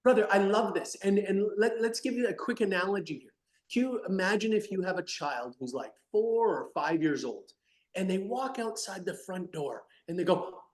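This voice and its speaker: Animated, emphatic man in an echoey room. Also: high voice, moderate pace. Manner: animated and emphatic, swinging between loud bursts and soft asides. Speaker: podcast guest, company founder. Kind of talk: energetic interview talk.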